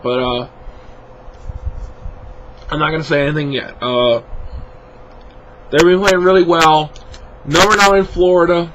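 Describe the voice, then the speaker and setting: Yawning and tired, a sports vlogger makes casual spoken predictions on football, his voice a little high with fairly even intonation. He speaks at a measured pace with long pauses, rambling through fillers and restarts against background noise.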